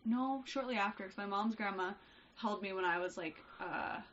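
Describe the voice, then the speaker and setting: A woman co-hosting a casual chat podcast, telling family stories with animated quoted voices and frequent laughter. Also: mid-range voice, normal speed, dull audio, a little hiss or hum. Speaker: podcast co-host.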